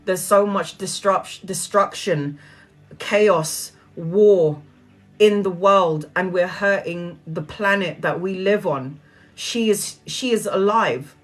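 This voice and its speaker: A woman's voice: lowish voice, takes it slowly. A woman talks to her viewers about spirit and the present moment. She is earnest and a little preachy, with easy laughs between her points. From Brazilian heritage. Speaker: spiritual speaker. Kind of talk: casual spiritual talk to viewers.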